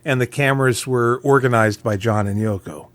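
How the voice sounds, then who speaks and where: A man's voice: medium pitch, moderate pace. A man co-hosting a podcast, rambling and thinking aloud with many fillers. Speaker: podcast co-host. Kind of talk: casual podcast discussion.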